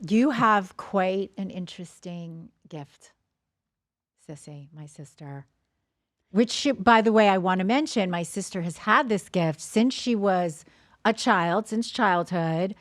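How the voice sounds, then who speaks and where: A woman's voice: medium pitch, slow, dry recording, studio quality. A woman co-hosting a podcast, asking questions and encouragingly summing up her sister's stories. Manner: warm, encouraging, sums up what the guest says. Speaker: podcast co-host. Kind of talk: casual interview chat.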